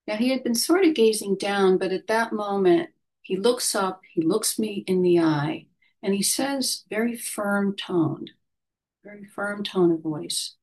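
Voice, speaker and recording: A woman of middle pitch tells a reflective personal story at an unhurried pace. She is gentle and thoughtful and often lets her voice fall soft and quiet. She sounds like a spiritual caregiver recounting a visit.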